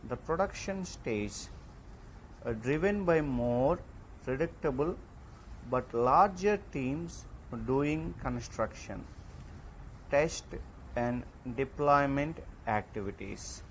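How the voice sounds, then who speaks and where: A man lecturing in an online class, reading slide points slowly and deliberately. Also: medium pitch, lively intonation, slight background noise, rough recording.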